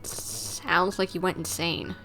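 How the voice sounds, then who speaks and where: A woman's voice: on the low side, fairly even intonation, creaky, pushed and bright, faint music behind. A woman streamer reading and commenting casually over a video game. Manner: casual, quick asides. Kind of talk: casual let's-play commentary.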